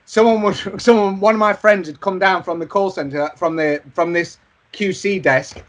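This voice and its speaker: A man's voice: sits high, fairly even intonation, moderate pace. A man co-hosting a podcast, telling sweary anecdotes in casual chat. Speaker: podcast co-host.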